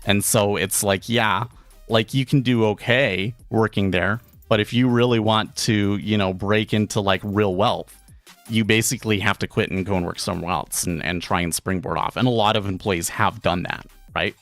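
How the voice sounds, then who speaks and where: A man speaks in a lowish, fairly bright voice with fairly even intonation and moderate pace, faint music behind him. On his day trading stream he casually rambles through a story, loudly impersonating the people involved.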